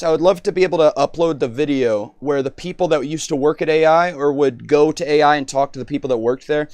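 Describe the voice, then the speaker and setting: A man on a live stream chatting with an AI, excitable and rambling, often cutting in. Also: on the high side, no room sound.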